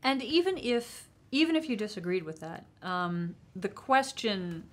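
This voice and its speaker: A woman's voice: mid-range voice, expressive, measured pace. A woman in her thirties chatting casually as host, telling what happened with lots of fillers. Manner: chatty, many fillers, recounts and quotes others. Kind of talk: casual chat.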